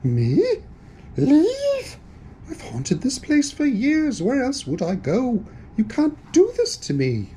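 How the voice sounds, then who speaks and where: A man voicing a fussy, easily rattled cartoon ghost, shrill and whiny and quick to take offense. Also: huge pitch swings, warm tone, slight background noise. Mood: indignant.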